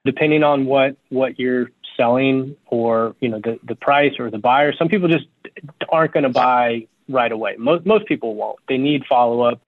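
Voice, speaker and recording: A man who runs a law firm explains his methods as a guest in an interview. He sounds energetic and practical, and he repeats words as he works out his thoughts. His voice reaches you through a narrow, phone-like line with a completely dry sound. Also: mid-range voice, moderate pace, dry recording. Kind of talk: interview conversation.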